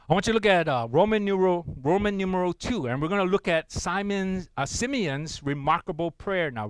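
A man's voice: fairly high pitch, smooth, no echo, low-quality recording. A man preaching a sermon in a conversational way. He often checks in with the congregation and laughs at his own stories. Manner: tells a joke with acted voices. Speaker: pastor.

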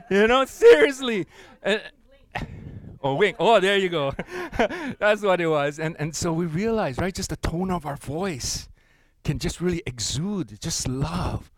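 A middle-aged man preaching a sermon in a playful, animated way, swinging between loud bursts and hushed asides. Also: sits high, unhurried, rough recording. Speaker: pastor.

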